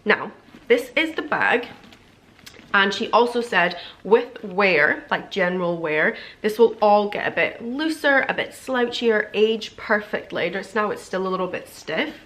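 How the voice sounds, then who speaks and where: A young woman with a British accent, chatting excitedly through an unboxing vlog, gushing and filling her talk with "like". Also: medium pitch, unhurried. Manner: gushing, chatty, many fillers like "like". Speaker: beauty and lifestyle vlogger.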